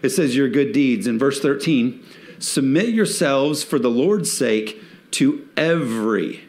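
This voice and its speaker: A man preaching from the pulpit with a lively, joking delivery. He slips into little acted-out voices for everyday scenes, his pitch sitting in a middle range. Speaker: pastor. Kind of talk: sermon.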